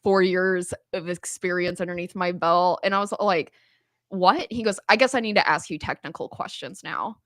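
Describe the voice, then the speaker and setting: Bright-voiced chatty woman. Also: on the low side, moderate pace, few pauses, no room sound. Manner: animated storytelling, frequent "like" and laughter. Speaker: podcast guest. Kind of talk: casual chat.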